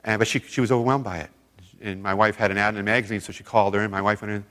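A man's voice: on the low side, steady tone, very fast, fairly bright tone. A middle-aged man, a former youth pastor, tells heartfelt stories at a men's seminar and acts out other people's lines. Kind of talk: storytelling sermon. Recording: long reverb of a large hall.

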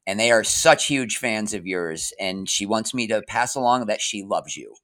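A man hosting a podcast and chatting casually with a guest, relaxed and full of stories. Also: lowish voice, normal speed. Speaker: podcast host and actor. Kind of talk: casual interview chat.

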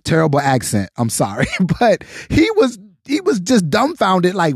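A man's voice: high voice, huge pitch swings, measured pace, hardly any pauses, breathy edge, no echo, clean studio sound. An American man in his forties giving his opinion in casual commentary, passionate and full of rhetorical questions. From United States. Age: 40s.

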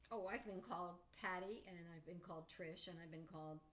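A woman's voice: on the low side, a little fast. A woman talking casually and reminiscing in a family interview. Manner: reminiscing, chatty.

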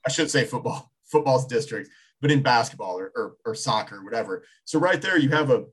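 A man in his thirties talking sports in a loose, casual way. His voice has a husky edge. He circles his points, restarting and rephrasing as he goes. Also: medium pitch, expressive, brisk, a bit bright. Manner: rambling, many restarts, thinking aloud. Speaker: sports talk show co-host.

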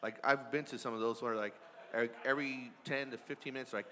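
A man's voice: medium pitch, fairly even intonation, quick pace, bright, forceful tone. A man chatting casually as a podcast co-host, rambling and repeating words as he talks. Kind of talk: casual banter. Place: podcast studio. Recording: long hall reverb.

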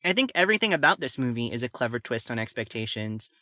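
A man's voice: mid-range voice, very animated, fast talker, sharp tone, dry recording, clean studio sound. A man co-hosting a podcast, chatting about movies in a rambling, enthusiastic way with lots of fillers. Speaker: podcast co-host. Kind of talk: casual film discussion.

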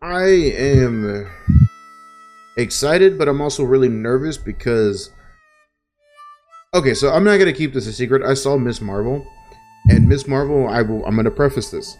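A man's voice: medium pitch, expressive, normal speed, pauses often, a little mellow, faint music behind. A young man co-hosting a podcast, chatting casually over a remote call. He tells stories animatedly, swearing freely and laughing often. His voice sits in an ordinary middle range. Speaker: podcast co-host. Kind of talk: casual chat.

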